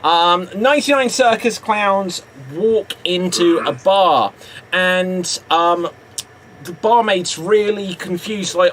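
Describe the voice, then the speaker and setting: A man's voice: sits high, slow, a bit bright, slight background noise, poor audio. A man hosting an improv comedy show, patiently explaining the rules of a joke game.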